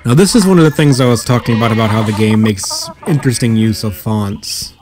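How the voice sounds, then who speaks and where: A man's voice: fairly low pitch, a little fast, noisy background. A man casually commenting while playing a story game, wry and offhand. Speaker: game streamer. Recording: game audio with sheep behind.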